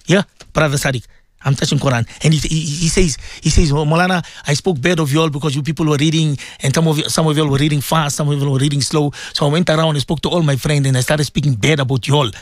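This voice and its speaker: A man's voice: a little high, steady tone, fast, no echo, studio quality. A man hosting a religious radio talk, telling a story and urging listeners, often repeating his phrases and dropping in Urdu and Arabic words. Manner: emphatic, preaching exhortation. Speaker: radio presenter and imam. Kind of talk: radio talk with Islamic advice.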